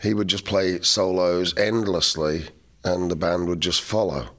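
A man's voice: sits low, level tone, a little slow, fairly bright tone. A man, a musician guest telling wry, laughing anecdotes in an interview. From English Midlands. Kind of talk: storytelling interview chat.

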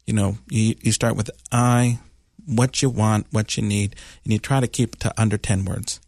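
A man with a gravelly, low voice hosts a radio advice show and explains things calmly and at length. He speaks close to a studio microphone in a dry room. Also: normal speed, no room sound. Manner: calm, explanatory, rambling with fillers. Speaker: radio advice host, doctor.

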